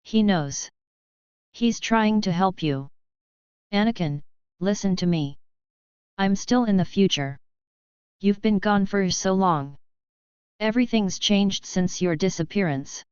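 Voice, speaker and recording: A woman's voice: medium pitch, takes it slowly, long pauses, darkish tone, clear, resonant tone, dry recording, lightly acted. Casting: heartbroken, pleading young wife, read by a woman, dry, dull sound. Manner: pleading, tearful.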